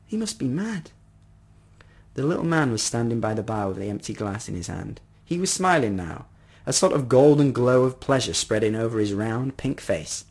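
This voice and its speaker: A man narrating a first-person story in an expressive reading voice. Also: mid-range voice, a little fast, vocal fry, slightly rough.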